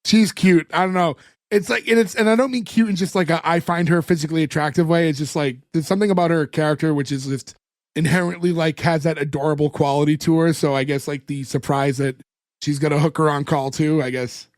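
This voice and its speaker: A man's voice: on the high side, steady tone, fairly quick, a little mellow, no echo, studio quality. A man co-hosting a podcast, chatting casually and rambling through a TV episode recap with many fillers. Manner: rambling, lots of fillers, retells scenes. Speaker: podcast co-host.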